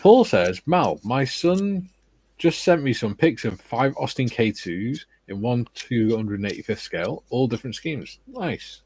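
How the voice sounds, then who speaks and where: A man's voice: medium pitch, very animated, normal speed, few pauses, a little mellow, a little hiss or hum, poor audio. A man co-hosting a casual model-building livestream, reading out viewer comments and joking. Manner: reads chat comments aloud, jokey. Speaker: livestream co-host.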